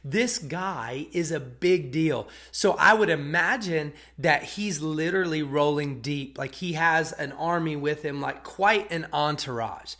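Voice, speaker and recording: In a fairly high, pushed and bright voice, a man preaches conversationally at a measured pace with few pauses. He recounts a Bible story, checking in with "okay?" and "right?" and repeating or restarting words as he goes.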